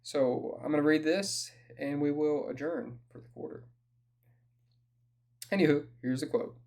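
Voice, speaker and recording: A man's voice: a little high, unhurried, darkish tone. A man with a Southern US accent giving a casual solo update as an author, with a dry, self-deprecating humor.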